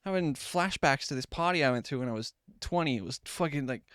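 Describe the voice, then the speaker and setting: Male streamer in his 20s, upbeat casual chatter with a lively, slightly high voice, cursing freely, dry close recording. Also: fast, clean tone, dry recording. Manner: animated, chatty, swears casually. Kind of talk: casual live-stream chat with viewers. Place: at home at his desk.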